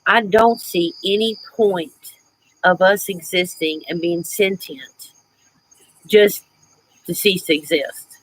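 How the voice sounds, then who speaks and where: Warmly greeting her viewers, a middle-aged livestream host chats reflectively and keeps breaking into laughter. Her voice is fairly low with a breathy edge, and the audio is poor.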